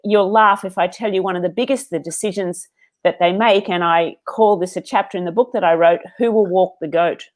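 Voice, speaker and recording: An Australian woman, a business owner, answering as an interview guest in an earnest, measured storytelling way. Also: medium pitch, steady tone.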